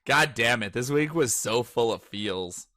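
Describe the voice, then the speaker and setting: A young man co-hosting a casual manga chat, profane and excitable, sometimes mimicking characters. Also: mid-range voice, measured pace, no echo, clean studio sound. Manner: profane, excitable, breaks into mock character voices. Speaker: podcast co-host.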